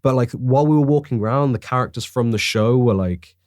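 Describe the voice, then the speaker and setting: A young man, telling a story in a casual podcast chat, excitable and swearing freely. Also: mid-range voice, quick pace, dry recording, clean studio sound. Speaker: podcast co-host.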